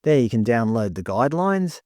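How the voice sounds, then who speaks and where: A man's voice: mid-range voice, sing-song, a little fast, darkish tone, no echo, clean studio sound. A man delivering scripted commentary in a sarcastic, indignant way. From Australia. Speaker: commentary vlogger.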